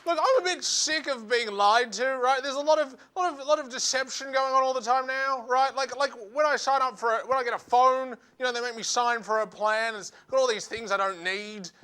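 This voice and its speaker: Aussie guy doing standup, really high voice, bright, acts out little voices. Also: clean tone. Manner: animated, acts out quoted voices, quick asides. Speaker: stand-up comedian. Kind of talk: stand-up routine.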